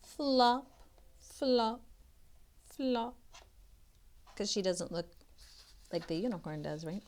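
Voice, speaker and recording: A young woman and literacy tutor reading a children's picture book aloud, expressive and chatty, with asides to the listener. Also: mid-range voice, takes it slowly.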